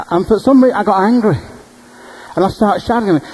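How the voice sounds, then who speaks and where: A male preacher telling dream stories in a sermon, animated and humorous. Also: sits high, quick pace, a little hiss or hum, poor audio. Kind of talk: storytelling sermon.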